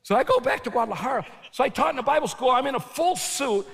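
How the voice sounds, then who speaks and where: A middle-aged man giving a storytelling sermon at a conference, animated and shouting at the peaks. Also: very high-pitched, fast, gravelly, slightly rough. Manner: animated, shouting at the peaks, laughing, quoting himself. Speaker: conference speaker. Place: large conference hall. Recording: long hall reverb.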